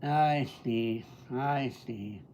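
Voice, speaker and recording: A man's voice: medium pitch, very slow, a little mellow, slight background noise. Laid-back guy doing a live stream, saying hi to chat by name and answering stuff, normal mid voice. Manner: easygoing, greets viewers by name and answers their questions. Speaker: livestreamer and entertainer. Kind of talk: casual livestream chat answering viewer comments.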